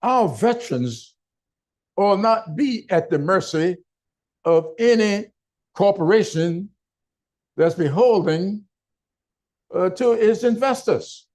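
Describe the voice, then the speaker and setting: An older man giving a town hall speech in slow, deliberate oratory with emphatic pauses. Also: high voice, expressive, a little mellow. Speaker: political speaker.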